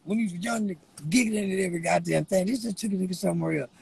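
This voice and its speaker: A man rambling to the camera while high, giggling through his words, teary-eyed from laughing, with a loose, slangy way of talking. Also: rapid-fire, creaky, darkish tone, slightly rough, rough recording. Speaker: vlogger. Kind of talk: rambling stoned chat to camera.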